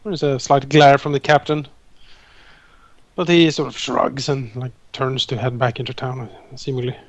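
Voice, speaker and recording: Gravelly-voiced man running a tabletop game. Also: mid-range voice, flat delivery, moderate pace, dry recording. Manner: hesitant, many fillers, acts NPC lines in quotes. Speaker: game master.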